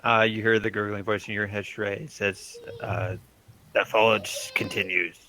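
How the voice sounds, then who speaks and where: A man's voice: fairly low pitch, little pitch movement, moderate pace, sharp tone, slight background noise, low-quality recording. A man running a tabletop game as game master, loose and laughing, with lots of fillers.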